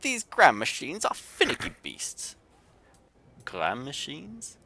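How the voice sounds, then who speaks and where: Guy doing a grumpy yorkshire mechanic lady, squeaky high and rough. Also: huge pitch swings, slow pace, pushed and bright, exaggerated voice. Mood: grumbling. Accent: Yorkshire, put on. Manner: grumbling, exasperated. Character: gruff female Yorkshire tinkerer, grumbling.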